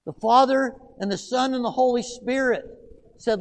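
A man preaching a sermon, asking emphatic rhetorical questions and swinging between loud outbursts and hushed passages. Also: extremely high pitch, moderate pace. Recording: long hall reverb.

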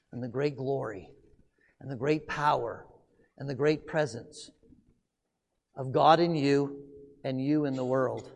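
A man preaching a sermon, asking emphatic rhetorical questions and swinging between loud outbursts and hushed passages. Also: a little high. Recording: long hall reverb.

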